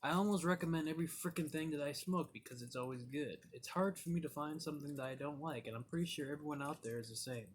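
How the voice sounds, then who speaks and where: A man's voice: a little high, fast talker, hardly any pauses, slight background noise. A young man from Michigan reviewing cigars and telling loose stories, rambling with lots of "like" and "you know". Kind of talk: casual storytelling vlog.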